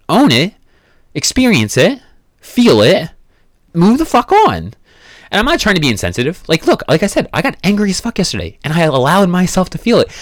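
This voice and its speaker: A man's voice: medium pitch, no room sound, clean studio sound. A man hosting a podcast, giving a blunt motivational monologue full of swearing and emphatic repeated phrases. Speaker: podcast host.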